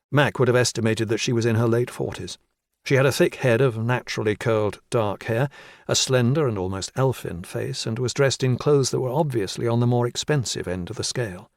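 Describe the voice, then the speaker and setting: A man narrating a crime thriller audiobook in a steady, measured reading. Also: on the low side, no echo, clean studio sound. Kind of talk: scripted narration.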